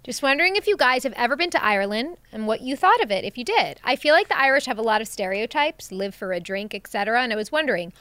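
Female podcast co-host, bright and animated, reads emails with a laugh. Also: on the high side, quick pace, few pauses, dry recording. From New York. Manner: lively, laughs easily. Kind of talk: casual podcast banter, reading listener emails.

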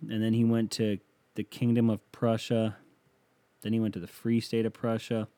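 A man rambles through a casual solo podcast, crude and joking at his own expense. His voice sits low and mellow. He is recorded close on a sensitive mic in a small, dry home studio. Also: monotone, normal speed, no room sound. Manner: crude, rambling, self-mocking. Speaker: podcast host.

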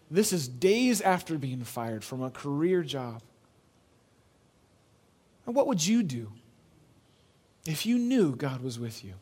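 A pastor preaching a sermon in an earnest, conversational way, telling a story and repeating phrases for emphasis. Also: male voice, mid-range voice, very animated, a little slow, pauses often, a little mellow, slightly rough. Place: church.

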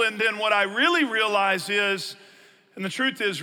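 A man's voice: sits high, normal speed, bright, forceful tone, long reverb tail. A man, a pastor preaching a conversational sermon and acting out his listeners' objections.

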